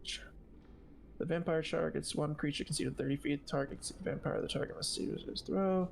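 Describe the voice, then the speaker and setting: A man running a tabletop game as game master, speaking haltingly with many fillers and restarts. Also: fairly high pitch, steady tone, creaky, a little hiss or hum.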